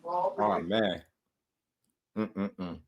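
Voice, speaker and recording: A man's voice: sits low, big pitch swings, drawn-out words, muffled recording. Laid-back man hosting a boxing show. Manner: laid-back slang, laughs often. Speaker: boxing channel host. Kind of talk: casual chat.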